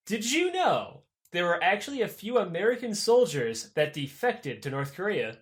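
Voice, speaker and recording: A young man co-hosting a podcast, telling a history story in a casual, profane way and acting out the people in it. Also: high voice. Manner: animated, profane, acts out characters in quick voices. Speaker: podcast co-host.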